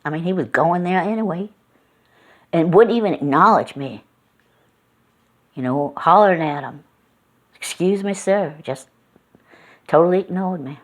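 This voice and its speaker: A woman's voice: lowish voice, moderate pace, pauses often. A middle-aged woman vlogging from home, telling a folksy, meandering story full of fillers. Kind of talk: casual rambling storytelling.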